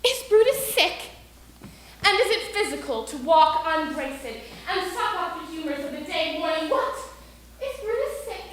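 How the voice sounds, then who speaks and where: A woman's voice: very high voice, very animated, measured pace, a bit bright, exaggerated voice. Portia, a woman playing a pleading Roman wife. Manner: pleading, insistent verse delivery. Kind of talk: amateur stage Shakespeare. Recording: echoey room.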